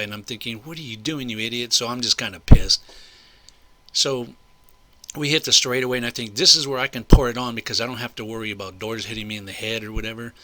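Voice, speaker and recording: Older man, low voice, sharp and forceful, rambling indignant storytelling. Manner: rambling and indignant, with repeated asides. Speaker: vlogger recounting a personal incident. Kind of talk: casual spoken storytelling.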